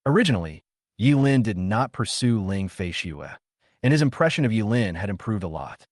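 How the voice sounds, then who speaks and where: Male story recap narrator, low pitch, animated delivery, dry close sound. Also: normal speed, dry recording.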